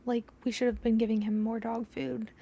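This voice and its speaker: Chatty young woman with vocal fry. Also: on the high side, level tone, brisk, dark tone. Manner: chatty, swears freely, drops to a whisper when acting out scenes. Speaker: podcast host. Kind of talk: casual storytelling chat.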